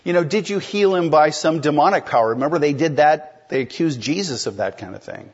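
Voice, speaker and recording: A man's voice: on the high side, animated, brisk, breathy edge, dull audio. A man preaching an expository sermon in a conversational way, explaining a text and putting questions to the congregation. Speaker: pastor.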